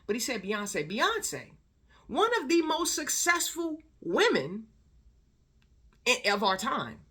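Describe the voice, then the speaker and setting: A woman's voice: on the high side, sing-song, unhurried, long pauses, fairly bright tone, breathy edge. A woman vlogger in casual commentary, talking emphatically and repeating words for stress.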